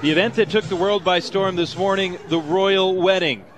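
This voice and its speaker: A man's voice: high-pitched, fairly even intonation, normal speed, faint music behind. A man on a radio baseball broadcast who sets up the segment and then makes casual, amused asides. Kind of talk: casual radio booth banter.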